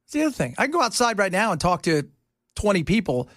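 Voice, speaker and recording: A man's voice: high voice, very animated, fast, a bit bright, no echo, studio quality. A man hosting a radio talk show, joking and sarcastic in casual banter. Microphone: studio mic.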